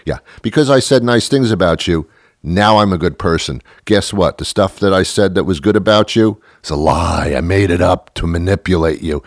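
A man's voice: low voice, moderate pace, no room sound, studio quality. A man hosting a podcast, delivering a rambling, sarcastic comedic monologue full of self-mocking apologies. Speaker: podcast host.

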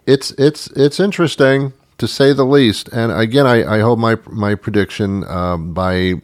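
Deep-voiced man in casual chat. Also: measured pace, no room sound, clean studio sound. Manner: agreeable, many fillers and restarts.

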